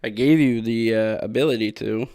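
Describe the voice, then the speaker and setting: A man's voice: lowish voice, normal speed, darkish tone, no room sound, clean studio sound. A man chatting casually on a livestream, rambling and laughing often from a small room. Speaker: streamer.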